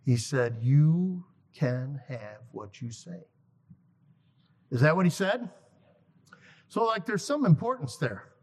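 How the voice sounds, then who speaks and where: A man preaching a sermon to a congregation, emphatic, repeating key lines slowly for effect. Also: fairly high pitch, sing-song, breathy edge. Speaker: guest preacher. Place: church sanctuary. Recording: long reverb of a large hall.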